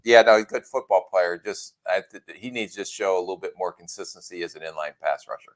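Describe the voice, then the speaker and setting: A man's voice: sits low, fast. A man co-hosting a podcast, giving plainspoken views with dry humor. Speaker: podcast co-host, former NFL executive. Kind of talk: casual sports chat.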